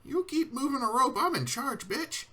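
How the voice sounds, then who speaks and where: A man voicing a bossy, foul-mouthed halfling ship hand who barks orders in a shrill voice. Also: animated, normal speed, sharp tone, heavily acted.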